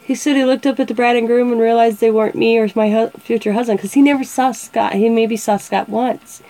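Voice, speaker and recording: A woman's voice: on the high side, fairly even intonation, fairly quick, mellow, low-quality recording. A woman in her forties hosting a casual show, chatting and telling funny family stories, often laughing and acting out what people said. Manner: chatty, laughs often, acts out quoted voices. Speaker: show host. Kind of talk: casual storytelling.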